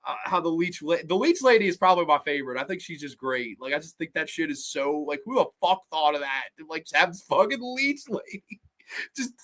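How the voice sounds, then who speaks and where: A man reviewing horror films on his own show, talking casually with heavy swearing and lively swings in his delivery. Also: fairly high pitch, fairly quick. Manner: profane, animated, mocks scenes in put-on voices. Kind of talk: casual solo film review.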